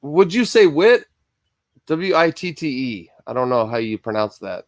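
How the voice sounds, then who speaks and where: A man's voice: mid-range voice, very animated, unhurried, dry recording, studio quality. A man hosting a live-streamed Bible study from Michigan, chatting casually and greeting viewers by name between rambling asides.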